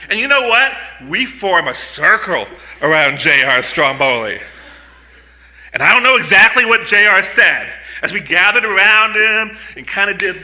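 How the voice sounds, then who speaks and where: An animated storyteller, a man in his fifties, speaking on a live stage into a stand mic. His voice sits fairly high for a man and has a forceful, sharp edge. He delivers his story with punchy, comic timing. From United States. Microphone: mic on a stand in front of him.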